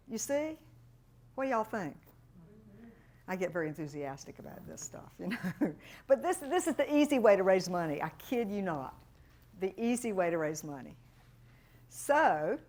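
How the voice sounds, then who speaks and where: A middle-aged woman with a drawl leads a fundraising workshop. She tells her stories with animation and jumps up high to act out the people she quotes. Her pitch sits in the middle of the female range. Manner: animated storyteller, acts out quoted voices. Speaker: fundraising consultant. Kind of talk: workshop talk.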